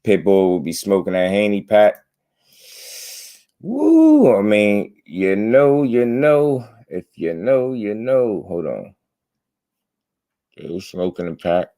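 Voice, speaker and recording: A man's voice: on the low side, animated, slow pace, warm tone. A man hosting a casual boxing livestream, laughing and talking to his chat. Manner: laid-back, laughing, talks to chat.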